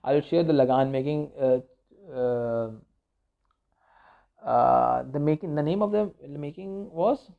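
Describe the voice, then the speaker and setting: Male media teacher, raised pitch, gravelly, loose lecture, dull lo-fi sound. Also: measured pace, pauses often. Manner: rambling, many fillers and restarts. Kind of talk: informal recorded lecture. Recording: dull lo-fi recording.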